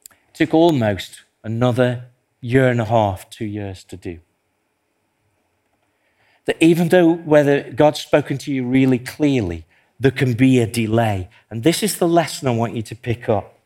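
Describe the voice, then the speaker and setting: A man's voice: medium pitch, expressive, a little slow, long pauses, warm tone. A man preaching a sermon, telling a personal story in an earnest, self-deprecating way. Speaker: pastor.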